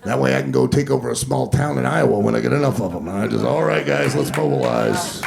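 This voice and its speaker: A man in his fifties telling profane, animated stories during a stand-up set on a comedy club stage. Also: mid-range voice, fast, gravelly. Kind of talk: stand-up storytelling.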